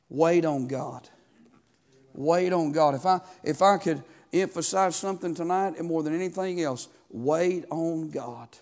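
A man's voice: on the high side, a little mellow. A man, preaching a sermon as pastor, building fervor and asking the congregation questions. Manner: preaching with rising fervor and call-and-response questions.

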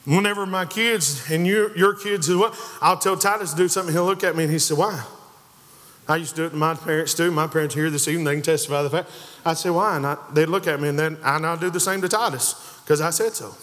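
A fairly high-voiced man preaches to a congregation, pressing each point with rising emphasis and slipping into the voices of the people in his story. His words ring out with a long reverb through the church sanctuary. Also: fast, a bit bright. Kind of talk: sermon.

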